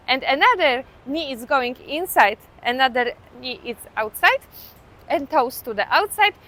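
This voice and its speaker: A woman teaching belly dance on a beach outdoors, calmly counting beats aloud in simple, non-native phrasing. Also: high voice. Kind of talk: step-by-step dance lesson with counting.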